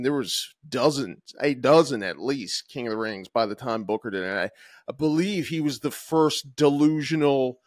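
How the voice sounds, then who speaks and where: A man co-hosting a talk podcast, rambling through his points with lots of "um" and "uh" and restarted sentences. His voice sits at an ordinary middle pitch, recorded close and dry with no room sound. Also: no room sound. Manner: rambling, many fillers and restarts. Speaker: podcast co-host. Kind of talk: casual chat.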